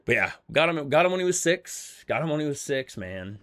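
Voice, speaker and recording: A man's voice: fairly high pitch, big pitch swings, a little fast, fairly bright tone. A man streaming a game, telling a story in casual chat, rambling and swearing freely as he repeats himself. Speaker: streamer hosting a game server.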